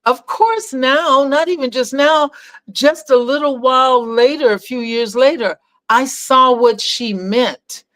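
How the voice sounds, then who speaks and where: A woman's voice: sits high, a little slow, no echo. An older woman telling a family story in a casual conversation with her son, acting out the people she quotes. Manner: animated storyteller, acts out quoted voices. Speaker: guest, mother of the host.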